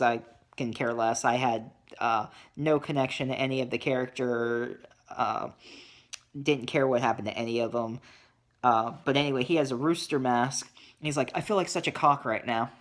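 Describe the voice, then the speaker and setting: Sarcastic horror movie reviewer. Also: mid-range voice. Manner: dismissive, sarcastic, many fillers. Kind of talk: casual spoken movie review.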